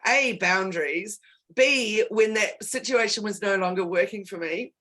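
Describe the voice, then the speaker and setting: A woman's voice: mid-range voice, measured pace, fairly bright tone. A woman consultant talking candidly in a casual conversation, stressing points by repeating words. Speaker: guest and business consultant.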